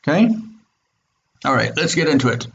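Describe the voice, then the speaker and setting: A man's voice: on the high side, animated, moderate pace, creaky, lo-fi sound. A man teaching Biblical Hebrew in an online class, explaining step by step and checking in with his students. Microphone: video call.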